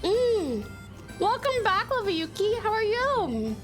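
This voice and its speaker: A young Australian woman chats bubbly and giggly through a live game stream, greeting viewers with sweet pet names. Her voice sits high and swoops around a lot. Game music plays clearly underneath. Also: very animated, slow. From Tasmania, Australia. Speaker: VTuber streamer. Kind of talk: casual live-stream chat while gaming.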